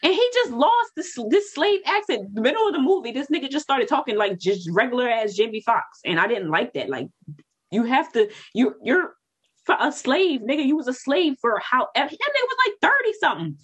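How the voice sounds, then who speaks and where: Husky, animated young-sounding woman. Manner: blunt, animated, swears freely, voice jumps high when heated. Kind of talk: casual chat.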